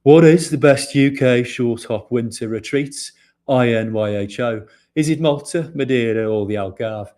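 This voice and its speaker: A man's voice: mid-range voice, normal speed, a little mellow, lightly acted. A British man reading a viewer's question in an exaggerated Birmingham gangster accent. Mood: mock gruff. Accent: Birmingham, put on.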